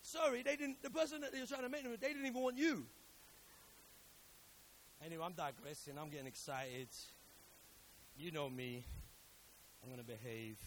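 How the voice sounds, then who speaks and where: A man preaching a sermon who swings between hushed storytelling and loud exhorting, repeating words for emphasis and acting out the voices he quotes. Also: very high voice, fairly quick, long pauses, a little hiss or hum, poor audio. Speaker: pastor.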